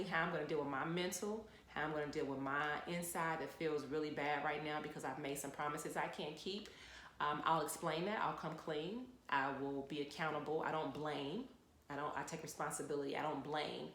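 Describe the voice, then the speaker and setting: Frank low-voiced woman in an echoey room. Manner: frank, animated storytelling with repeated phrases. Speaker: lawyer. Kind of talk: casual advice talk to camera.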